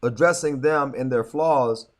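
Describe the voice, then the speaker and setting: A middle-aged man co-hosting a podcast, telling stories in casual chat, animated, repeating words and breaking into quick laughs. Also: mid-range voice. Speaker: podcast co-host.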